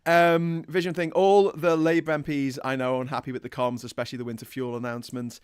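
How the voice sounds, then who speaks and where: A man's voice: medium pitch, flat delivery, fast talker, smooth. A man co-hosting a casual live-stream chat, joking, laughing often and reading out viewer messages. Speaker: co-host reading viewer comments.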